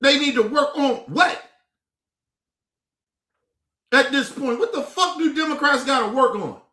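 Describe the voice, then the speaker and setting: A man ranting profanely and with exasperation in casual political commentary, now and then breaking into shouts. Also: very high-pitched, moderate pace, reverberant.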